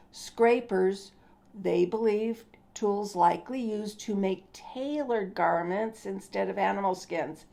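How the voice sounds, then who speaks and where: Slow, mellow older woman host. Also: mid-range voice, gravelly. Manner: unhurried, stumbles over names. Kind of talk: casual science talk.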